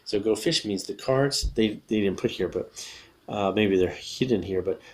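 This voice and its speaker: Against some background noise, a man with a lowish voice teaches English vocabulary to children. He explains a card game and drills words with gestures, patiently repeating each one slowly for the young learners.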